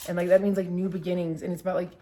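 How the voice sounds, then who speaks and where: Casting: young woman, storytime vlogger, lowish voice, animated, swears a lot, peppers everything with "like". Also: very fast. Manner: animated, swearing, heavy use of "like". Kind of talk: casual storytime vlog.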